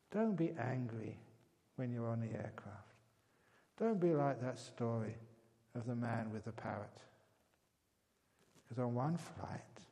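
A man giving a calm meditation talk, speaking gently and growing softer on key words. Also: mid-range voice, vocal fry. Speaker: meditation teacher. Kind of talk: dharma talk with a joke. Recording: long hall reverb.

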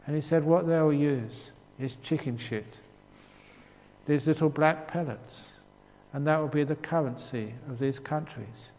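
A man's voice: fairly high pitch, a little slow, a little mellow. An English man giving a Buddhist dharma talk, telling stories with humour and frequent chuckles. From England. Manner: humorous storytelling with frequent chuckles. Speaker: Buddhist monk teacher. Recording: reverberant hall with faint ambience.

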